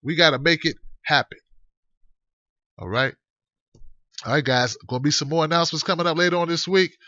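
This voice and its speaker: A male livestream host with a high, sharp voice that sits dry and close. He talks in a loose, rambling way and fires off animated shout-outs. The sound is dull and lo-fi. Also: a little fast, no echo. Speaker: host of an online talk show. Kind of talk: casual livestream chat. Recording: dull lo-fi stream audio.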